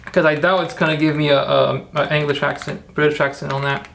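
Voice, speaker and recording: Brief: male streamer, gravelly, pitched a bit high, rambling commentary. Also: level tone, fairly quick, fairly bright tone, slight background noise. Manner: thinking aloud, rambling, self-correcting. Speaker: streamer making AI videos. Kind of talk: live-stream screen-work commentary.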